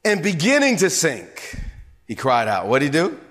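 A man preaching a sermon as bishop and pastor, swinging from hushed whispers to emphatic shouts. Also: fairly high pitch, wildly swooping pitch, a little slow, long reverb tail. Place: church sanctuary.

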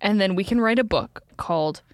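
A woman co-hosting a podcast in casual chat, playful and punning, quick to laugh. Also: medium pitch, dry recording, clean studio sound. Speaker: podcast co-host.

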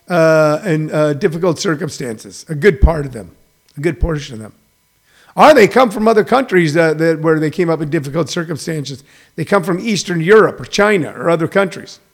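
A man hosts a casual opinion show, his voice sitting high and carrying a gravelly rasp. He talks in an animated, rambling way, stacking fillers as he goes. His delivery stays loose and conversational. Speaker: host.

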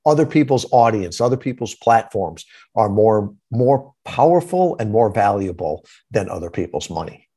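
Husky guy on a podcast giving snappy quotable answers. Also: lowish voice, expressive, moderate pace, warm tone. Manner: punchy, aphoristic, often asks "right?". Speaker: podcast guest, marketing founder. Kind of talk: conversational interview answers.

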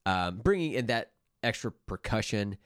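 Laid-back low-voiced man co-hosting a podcast. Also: animated, smooth, dry recording, studio quality. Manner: laid-back, hesitant, fills pauses with "um" and "like". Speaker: podcast co-host. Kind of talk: casual chat.

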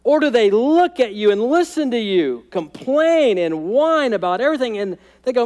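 A man preaching a sermon as pastor, emphatic, repeating key phrases and dropping to quiet intensity. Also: extremely high pitch, very animated, moderate pace, hardly any pauses, in a large hall. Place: church sanctuary.

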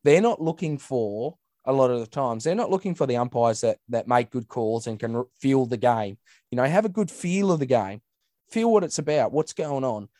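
Casting note: Australian bloke, blunt sweary ranter, dry close-mic sound. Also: male voice, medium pitch, expressive, normal speed, dark tone, dry recording. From Western Australia. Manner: ranting, blunt and sweary, mimics people in raised voices. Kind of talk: casual chat.

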